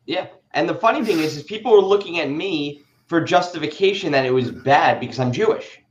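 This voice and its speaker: Lively-voiced joking man, lo-fi audio. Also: fairly high pitch, brisk, a little hiss or hum. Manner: joking, sarcastic riffing. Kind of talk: casual podcast panel talk.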